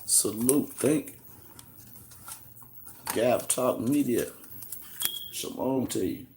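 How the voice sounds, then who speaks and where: A man's voice: mid-range voice, expressive, drawn-out words, vocal fry, a little mellow, slight background noise. A man from the United States hosting a live stream, greeting viewers and answering their questions in a loose, slangy, conversational way. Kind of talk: casual live-stream chat and teaching.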